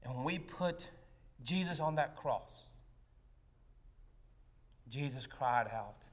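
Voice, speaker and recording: A male pastor delivering a sermon, telling a story with rising intensity and then slowing into quiet, deliberate reflection. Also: mid-range voice, lively intonation. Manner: dramatic storytelling that swells loud, then drops to a hushed, slow close.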